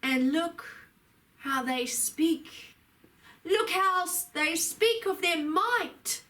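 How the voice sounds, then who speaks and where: A woman channeling a spiritual message in a slow, solemn preaching delivery with emphatic rises. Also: very high-pitched, animated, sharp tone, distant mic. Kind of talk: channeled sermon.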